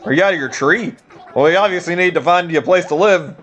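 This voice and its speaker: A man's voice: high-pitched, fast talker, a bit bright, voice pushed up. A man putting on a breezy, nosy cat traveler. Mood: chatty. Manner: breezy, teasing banter. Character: chatty male cat traveler, nosy and upbeat.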